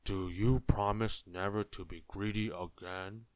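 A man voicing a stern male giant in a children's story, speaking slowly and loudly in a thundering, bellowing way. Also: low voice, fairly even intonation, no room sound. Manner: thundering, bellowing, slow and loud.

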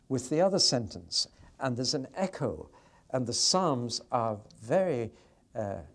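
A man giving a lively Bible teaching on poetry, often asking the audience questions and changing his pace. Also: medium pitch. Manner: expressive, varies pace, asks the audience questions. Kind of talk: sermon-style Bible teaching.

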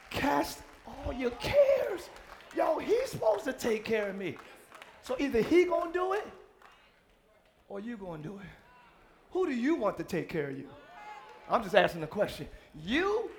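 A man preaching a sermon as a pastor in a church, often shouting out to the congregation. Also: extremely high pitch, a little hiss or hum. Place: church sanctuary during a live service.

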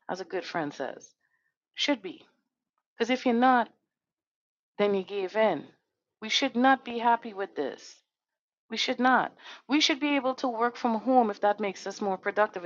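Woman, podcast host, impassioned monologue, angry, profane, rhetorical questions, muffled lo-fi sound. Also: mid-range voice. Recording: dull dry lo-fi recording.

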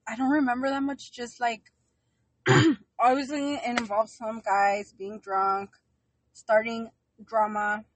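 A woman's voice: a little high, fairly even intonation, slow, low-quality recording. A woman in her thirties co-hosting a podcast in casual chat, laid-back and dropping in Spanish phrases. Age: 30s. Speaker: podcast co-host.

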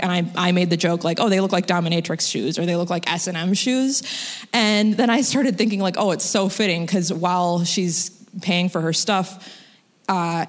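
A woman telling a personal story in a casual, chatty way, full of "like" and "you know" fillers. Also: lowish voice. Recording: long hall reverb.

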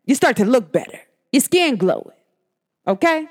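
A woman's voice: big pitch swings, normal speed, background noise. Emphatic New York–New Jersey woman. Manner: emphatic and slangy, with big swings in pitch. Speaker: podcast host. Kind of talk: casual solo podcast monologue.

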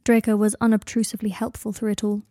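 Mellow woman narrating a story. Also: mid-range voice, flat delivery, fast talker, no room sound, studio quality. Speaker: audiobook narrator. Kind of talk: fan fiction audiobook narration.

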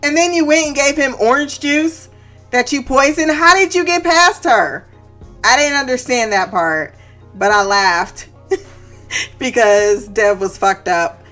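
Woman podcast host with a high voice, loose and profane, breaking into laughter, faint music underneath. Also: unhurried, a bit bright. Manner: laughs often, swears freely, goes off on tangents. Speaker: podcast host recapping a TV episode. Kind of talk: casual chat.

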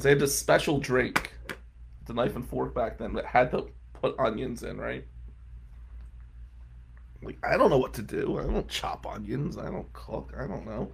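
A man's voice: medium pitch, a little slow, creaky, pauses often, husky. A man in his forties, a lawyer, casually telling self-mocking stories and acting out the people in them. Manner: animated, self-mocking, acts out quotes. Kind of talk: casual comic storytelling.

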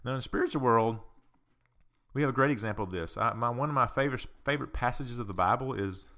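A man's voice: mid-range voice, fast, pushed and bright. A man who is a counselor and podcast host, speaking in a casual, earnest, reflective monologue that mixes psychology and faith.

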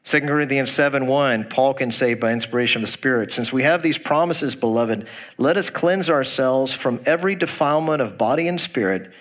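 Folksy pastor preaching a sermon. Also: male voice, medium pitch, a little fast, a bit bright. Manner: asks the congregation direct questions; reads scripture aloud.

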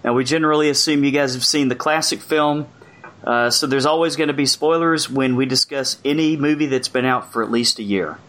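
A man hosting a horror podcast, introducing guests in relaxed casual chat with fillers. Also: medium pitch, brisk. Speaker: podcast host.

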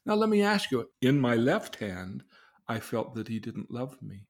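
At a measured pace, a middle-aged man with a medium-pitched, sing-song voice teaches his daughter a religious lesson through a personal story. He sincerely asks questions and gives each quoted speaker a voice of their own.

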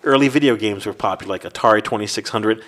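Guy hosting a chill podcast, talks fast, reads out listener letters. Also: fairly low pitch, a bit bright. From New York City. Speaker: podcast host. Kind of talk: casual chat.

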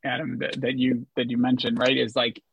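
A man co-hosting an education podcast with a gravelly, husky voice. He muses and asks questions, his speech scattered with "like." The recording is dry and dull, like a cheap mic. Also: mid-range voice, completely flat delivery, fairly quick, dry recording. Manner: reflective, many "like" fillers, asks questions. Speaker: teacher podcast co-host. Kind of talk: casual educational discussion.

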